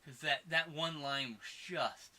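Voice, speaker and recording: A man co-hosting a podcast, chatting casually about a movie, excitable and quick to swear and laugh. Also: fairly high pitch. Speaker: podcast co-host. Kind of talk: casual movie review chat.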